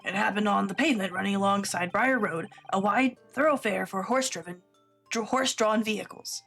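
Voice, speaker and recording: While voicing a game character on stream, a woman plays a gruff middle-aged male police inspector with a rough chain-smoker rasp and a formal, officious way of reporting. Her voice is medium-pitched and a bit bright, and she speaks a little fast, with faint music behind her.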